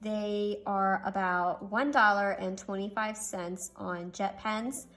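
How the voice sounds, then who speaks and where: A woman's voice: mid-range voice, fairly even intonation, slow pace, fairly bright tone, faint music behind. A young woman chatting casually through a pen review, gushing and making self-deprecating asides. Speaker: stationery reviewer.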